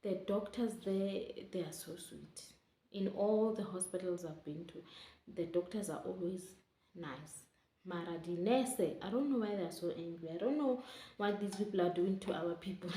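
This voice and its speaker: A woman's voice: fairly low pitch, moderate pace, dark tone. A young woman telling her story to camera in a chatty, emotional way, often calling her viewers guys. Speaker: vlogger. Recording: roomy echo.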